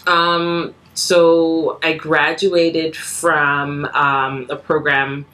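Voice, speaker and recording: Low-voiced woman in her thirties, earnest guest. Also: extremely slow. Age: 30s. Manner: earnest and animated, laughs easily. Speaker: podcast guest. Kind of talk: casual chat.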